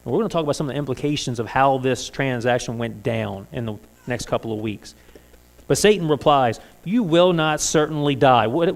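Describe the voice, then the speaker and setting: A man preaching a sermon in a church, talking conversationally and asking the congregation many rhetorical questions. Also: fairly high pitch. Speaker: pastor.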